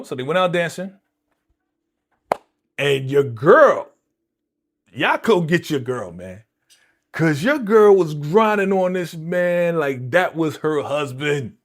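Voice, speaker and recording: A man doing live movie reaction commentary, his voice sitting a little high and swinging widely in pitch. He talks in slang and keeps calling out to his viewers. He repeats his outraged lines over and over. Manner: animated, repetitive, exclaiming disapproval; slangy, addresses viewers directly. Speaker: reaction channel host.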